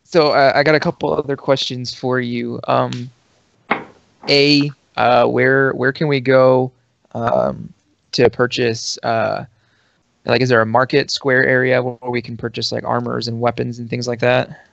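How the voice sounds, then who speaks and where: Gravelly, hesitant male player. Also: mid-range voice, level tone, measured pace, a bit bright, dry recording. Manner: hesitant, filler-heavy questions. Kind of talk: casual tabletop play. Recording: dry, dull lo-fi recording.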